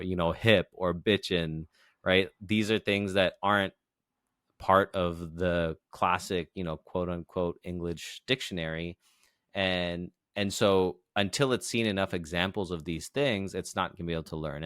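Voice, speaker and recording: A man's voice: low voice, a bit bright, clean tone, dry recording, studio quality. A man co-hosting a podcast, explaining ideas patiently in a casual chat, often checking in with "right?" and "you know". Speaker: podcast co-host.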